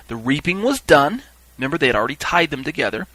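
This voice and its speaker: A man's voice: mid-range voice, expressive, fast talker, bright, forceful tone, dry recording, rough recording. A man teaching a Bible lesson for a podcast, explaining as he goes, often checking in with listeners and using fillers.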